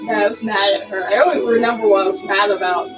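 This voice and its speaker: A woman's voice: medium pitch, steady tone, quick pace, low-quality recording. A woman commenting casually on a video game as she plays, chatty and rambling with self-deprecating asides. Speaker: gaming streamer. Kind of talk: casual let's-play commentary. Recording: voice over game music. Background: game music.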